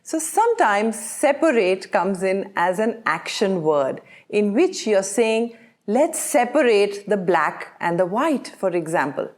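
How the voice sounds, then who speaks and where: A young woman runs a pronunciation lesson. Her voice swings up and down a lot, and she sounds out words slowly and deliberately, repeating each one. Her pitch sits in a middle range for a woman. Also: very animated. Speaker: English teacher.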